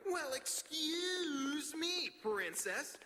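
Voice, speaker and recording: A man voicing Link, a cocky teenage boy hero in an old cartoon, with a smug, drawn-out delivery. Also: very high voice, big pitch swings, pushed and bright, exaggerated voice. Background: cartoon background music.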